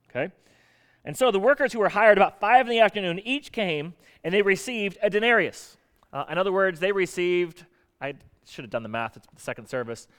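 A high-pitched male pastor delivers a sermon in a casual, conversational way, constantly quizzing his listeners with questions. His voice rings out in a large church hall with a long, lingering reverb. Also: expressive, fairly quick, a bit bright, smooth. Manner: conversational, asks the audience questions. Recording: echoey hall.

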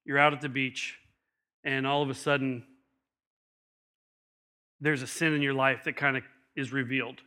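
A middle-aged man, a pastor, preaching a sermon with animated storytelling and acted-out quotes. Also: medium pitch, moderate pace, long pauses, smooth.

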